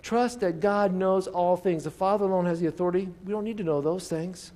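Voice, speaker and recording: American pastor preaching with soft-loud swings. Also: male voice, sits high, a little fast. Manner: emphatic preaching, drops to near-whisper for emphasis, asks the congregation to repeat. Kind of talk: sermon. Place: church service.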